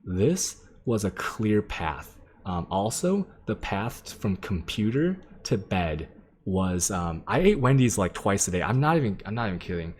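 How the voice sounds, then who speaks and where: A man's voice: lowish voice, very animated, a little slow, slight background noise. A man streaming from home, telling a casual, rambling story to his chat, full of swearing and filler words. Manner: rambling, profane, lots of "like" and "um"; sketches while he talks, addressing chat. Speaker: game streamer.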